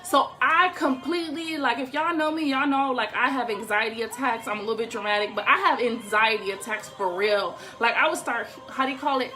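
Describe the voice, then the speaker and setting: A young woman telling a profane, animated story to the camera at home, laughing as she goes. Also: a little high, fairly quick, hardly any pauses, a little hiss or hum.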